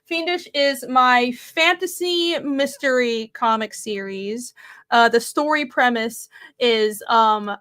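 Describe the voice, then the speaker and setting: A woman's voice: a little high, fairly bright tone, clean tone. A woman comic artist, a guest in a casual interview, speaking in an upbeat way.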